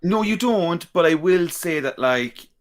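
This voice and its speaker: A man's voice: fairly high pitch, lively intonation, a little slow. A man co-hosting a gaming podcast, rambling enthusiastically and repeating words for emphasis. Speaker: podcast co-host. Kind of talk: casual chat.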